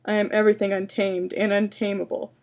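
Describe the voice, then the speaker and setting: A woman voicing an ancient, towering male tree monster who speaks slowly and grandly, rising to a roar. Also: mid-range voice, little pitch movement, a little mellow, highs cut off, natural voice.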